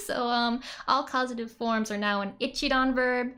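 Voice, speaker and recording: A woman's voice: on the high side, unhurried, sharp tone. A woman explaining Japanese grammar in a casual lesson, chatty and giggly, with many "like" and "um" fillers. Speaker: Japanese language teacher.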